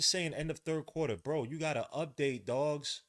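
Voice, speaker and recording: A man hosting a casual live watch-along of a basketball game, slangy and swearing, shouting at big plays and muttering at bad ones. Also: a little high, moderate pace, hardly any pauses. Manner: excitable, swings from loud hype to muttered grumbling. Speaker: podcast host. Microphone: headset mic.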